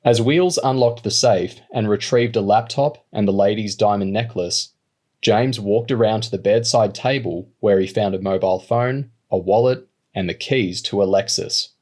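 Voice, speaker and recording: A man narrating an audiobook in a steady, measured reading voice. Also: lowish voice. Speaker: audiobook reader. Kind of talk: storybook narration.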